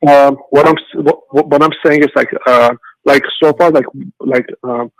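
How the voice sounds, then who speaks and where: A man's voice: mid-range voice, steady tone, normal speed, no echo, rough recording. A man calling in to a radio show, rambling with constant "like, you know" fillers and stumbling restarts. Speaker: radio caller. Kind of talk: phone-in talk.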